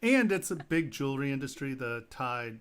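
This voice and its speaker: A middle-aged man, a jeweler, telling lively anecdotes in casual chat with fillers and laughs. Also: medium pitch, moderate pace. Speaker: jeweler guest.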